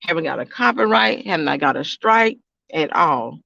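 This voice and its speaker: High-voiced man, loose casual vlog talk. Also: animated, normal speed, gravelly, bright, forceful tone, dry recording, highs cut off. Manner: rambling, repeats himself, talks straight to viewers. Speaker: YouTube reaction channel host.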